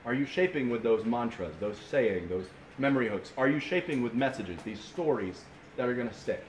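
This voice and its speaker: A man in his thirties preaching a sermon at a camp, telling stories in an animated way and often restarting his sentences. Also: medium pitch, normal speed. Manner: animated storytelling with frequent restarts. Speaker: pastor. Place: camp meeting room. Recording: roomy echo with faint hiss.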